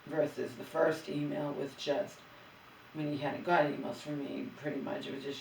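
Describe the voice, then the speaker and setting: A woman's voice: low-pitched, little pitch movement, normal speed, creaky, a little mellow, a little hiss or hum. Agitated middle-aged woman venting, roomy and distant. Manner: agitated, profane, rambling with restarts. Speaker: vlogger. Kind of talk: emotional venting monologue.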